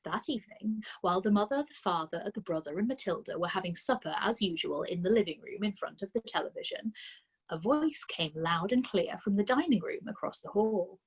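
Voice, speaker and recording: A woman reading a children's story aloud for a storytime, expressive with dramatic pauses. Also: mid-range voice, husky.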